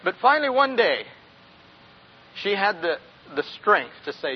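A very animated pastor in his sixties, high-voiced and unhurried, preaches folksily with long pauses. He often quizzes the congregation and chuckles, and the dull lo-fi recording carries a little hiss or hum.

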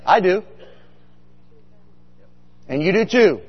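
A man's voice: sits high, expressive, a little slow, long pauses. A middle-aged man preaching a humorous, story-filled sermon, often asking the congregation questions. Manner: chatty, asks the congregation questions. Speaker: pastor. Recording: dull sound with long hall reverb.

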